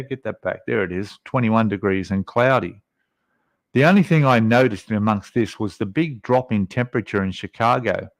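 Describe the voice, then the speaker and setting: An Australian man with a fairly low voice hosts a casual live stream, reading out viewer comments in a rambling, chatty way full of fillers. There's no room sound.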